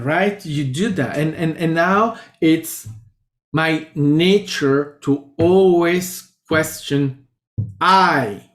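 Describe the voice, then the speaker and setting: A man with an Italian accent talks slowly and thoughtfully, stumbling through restarts and fillers as he reflects aloud. His voice sits a little higher than usual for a man. He is recorded in a roomy space with a noticeable echo. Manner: halting, many restarts and fillers. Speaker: spiritual teacher. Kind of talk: reflective casual monologue.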